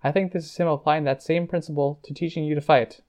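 A man's voice: fairly high pitch, fairly even intonation, quick pace, darkish tone, close to an everyday voice. Man voicing a blunt, pushy young woman. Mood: frank. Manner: pushy, exasperated questions.

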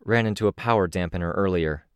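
A man reads a hurt young heroine in an audiobook, quiet and strained. His voice stays low and close to his own, in a dry recording. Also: fast talker, smooth, no room sound, lightly acted. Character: wounded young woman hero, tired and quiet.

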